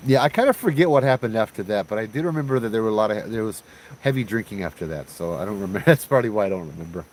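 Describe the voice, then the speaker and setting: A man's voice: fairly low pitch, expressive, rapid-fire, a little mellow, slight background noise, rough recording. Laid-back man telling a ghost story. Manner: laid-back, chatty, laughs often, uses slang like bruh.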